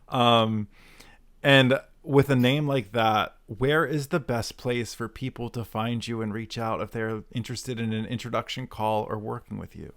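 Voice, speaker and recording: A man's voice: mid-range voice, a bit bright. A man co-hosting an interview over a video call, effusive and enthusiastic in his praise. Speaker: co-host, interviewer.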